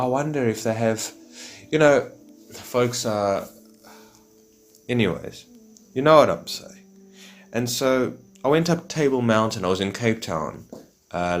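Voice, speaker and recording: A man in a rambling, reflective monologue, full of fillers. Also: on the low side. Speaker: vlogger.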